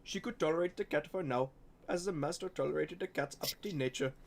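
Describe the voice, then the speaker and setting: A man from Canada reading fan fiction aloud on a podcast, halting and giggly, with frequent restarts. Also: a little high, creaky.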